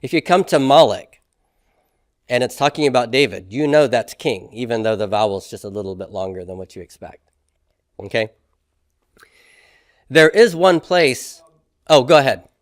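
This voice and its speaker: A man's voice: medium pitch, animated, moderate pace, long pauses, no echo, studio quality. A man teaching a classroom lesson on grammar, explaining step by step and often checking in with "okay?" and "right?". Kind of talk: classroom lecture.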